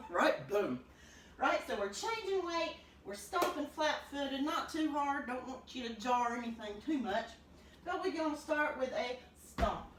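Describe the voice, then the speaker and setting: Lively woman teaching clog steps. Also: high-pitched, unhurried, far from the mic. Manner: upbeat, counts beats aloud while stomping. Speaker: clogging dance teacher. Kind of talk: demonstrating a dance lesson. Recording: roomy, from off the mic, noisy.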